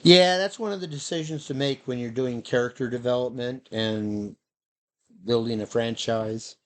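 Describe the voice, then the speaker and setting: A man's voice: medium pitch, normal speed, fairly bright tone. A man vlogging in a loose, rambling monologue, musing aloud and drifting between thoughts. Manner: meandering, playful, breaks into silly dog noises and voices.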